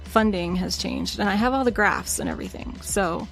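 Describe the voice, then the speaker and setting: A woman's voice: medium pitch, animated, moderate pace, vocal fry, a bit bright, soft background music. Chatty woman podcast host. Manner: chatty and self-deprecating. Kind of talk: casual chat.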